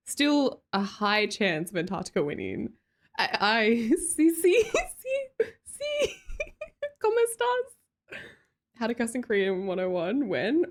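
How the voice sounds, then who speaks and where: An Australian woman hosting a livestream, chatting casually and reading out viewer comments in a bubbly way, laughing often. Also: mid-range voice. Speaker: livestream host.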